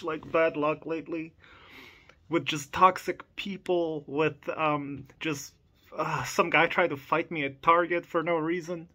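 A young man in an excited, stammering toy unboxing vlog, laughing often and catching his breath. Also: on the high side, moderate pace. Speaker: toy collector vlogger. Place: room in a house.

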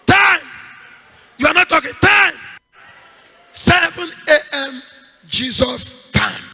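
A Nigerian pastor leading a fervent vigil, shouting prayer declarations and calling out for the congregation to answer back. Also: male voice, very high voice, measured pace. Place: large church hall at a night vigil. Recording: reverberant church hall.

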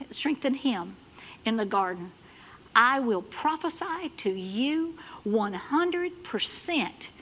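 A woman preaching a sermon in a church, building to loud, fervent exhortation. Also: sits high, low-quality recording. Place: church sanctuary.

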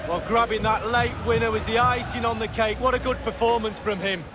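A man voicing a football co-commentator in a game, giving measured pundit remarks. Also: very high voice, steady tone, noisy background. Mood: analyzing. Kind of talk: sports color commentary.

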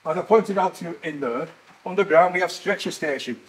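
Animated older tour guide man. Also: fairly high pitch, a little fast, breathy edge, poor audio. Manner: animated storyteller, laughs at himself. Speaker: museum guide and former miner. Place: indoor mining museum.

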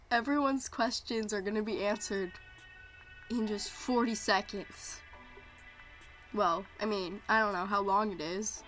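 Faint music plays behind a young woman whose mid-range voice stays unhurried. In her live reaction vlog she waits for a show premiere, gushing excitedly, repeating herself, and sounding nervous and jittery.

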